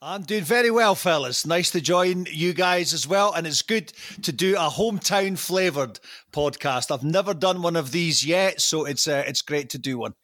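A man's voice: on the high side, lively intonation, normal speed, fairly bright tone, no room sound. A Scottish man chatting as a podcast guest, telling stories with fillers and laughs. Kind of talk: casual podcast chat.

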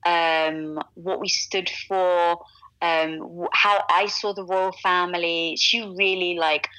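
A woman's voice: lowish voice, little pitch movement, slow pace, pushed and bright, smooth, dry recording, rough recording. A woman from England with a British accent, talking eloquently and upbeat as a guest on a video call interview.

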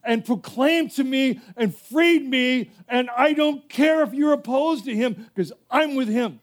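A man's voice: very high-pitched, a little slow. A male pastor preaching a sermon in a fervent, emphatic way, often repeating himself.

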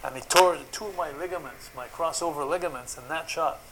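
Guy w/ as telling wild stories on a podcast, kinda high voice, faint hiss behind. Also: fairly quick, poor audio. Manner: animated anecdotes, acts out quotes. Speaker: guest, former wrestler. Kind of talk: casual storytelling on a podcast.

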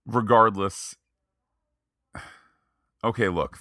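Low-voiced guy on a movie podcast, bright close dry sound, acts out lines. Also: a little slow, pauses often, no room sound. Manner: animated, acts out quoted lines. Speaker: podcast co-host. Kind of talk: casual movie review chat.

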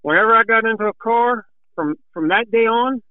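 A man telling a racing story in a folksy, animated way, a little out of breath, with restarts along the way. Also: extremely high pitch, fairly quick, no echo. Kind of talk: casual storytelling. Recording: tinny phone line.

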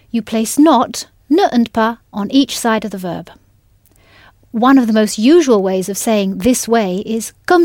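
A woman leads a scripted audio lesson in a patient, encouraging way. Her voice sits a little high and is recorded close and dry, with no room sound. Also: a little mellow, no echo. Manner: patient, encouraging, spells words letter by letter. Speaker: language teacher.

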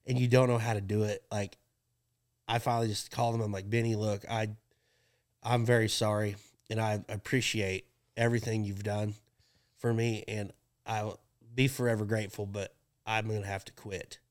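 A young man casually telling stories about his rodeo work, animated and often laughing as he acts out what people said. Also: lowish voice, normal speed. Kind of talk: casual storytelling chat.

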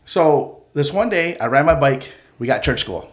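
A man's voice: a little high, normal speed. A man tells a childhood story to friends on a podcast, loose and chatty. He jumps into the voices of the people in the story as he goes. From Mohawk community of Akwesasne. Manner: animated, acts out the people in his stories. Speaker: podcast co-host telling a story. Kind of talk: casual storytelling.

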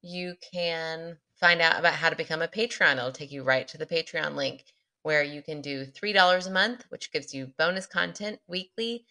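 A woman's voice: low voice, normal speed, bright, forceful tone. A woman co-hosting a podcast, chatty and upbeat as she reads out show details. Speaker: podcast co-host. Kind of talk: casual chat.

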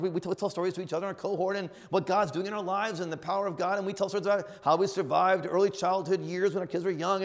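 A middle-aged man, a bishop, teaching in an earnest, emphatic sermon style that surges to loud exclamations. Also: high-pitched. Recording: long reverb of a large hall.

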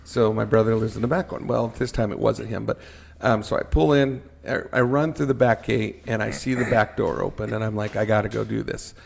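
A man telling a firefighting story in a casual podcast chat, animated and joking at his own expense. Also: lowish voice, brisk, gravelly, few pauses. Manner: animated, acts out his own panicked thoughts, jokes at himself.

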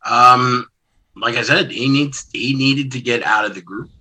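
A man who wrestles, answering a podcast interview question in a calm, matter-of-fact way. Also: mid-range voice, unhurried, low-quality recording.

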